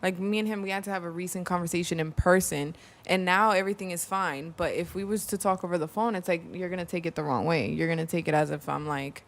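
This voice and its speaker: Laid-back woman with a low voice. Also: quick pace, hardly any pauses. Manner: relaxed, talks with lots of "like" fillers. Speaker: podcast guest. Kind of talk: casual chat. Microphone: table mic shared in a small room.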